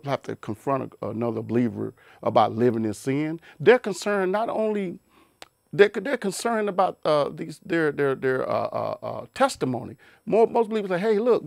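Man preaching, emphatic, higher-pitched voice. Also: lively intonation, normal speed, vocal fry, a little mellow, no echo, studio quality. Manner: repetitive, emphatic, with rhetorical questions and many restarts. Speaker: Bible teacher. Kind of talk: informal preaching talk.

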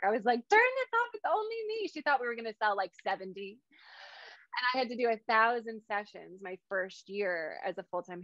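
A woman's voice: medium pitch, a bit bright, no echo, lo-fi sound. A woman in her thirties, a hypnotherapist, telling a personal story as a guest speaker and acting out the lines she quotes. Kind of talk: storytelling talk on a video call.

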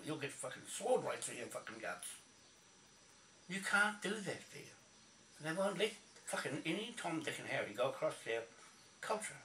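A man's voice: medium pitch, pushed and bright, far from the mic, slight background noise. Blunt, profane man ranting in an echoey room. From New Zealand. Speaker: video blogger. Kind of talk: angry ranting monologue.

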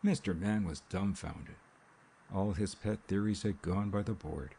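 A male audiobook narrator reads in a measured, unhurried way. His voice is low and gravelly with a warm, dark tone and a husky grain.

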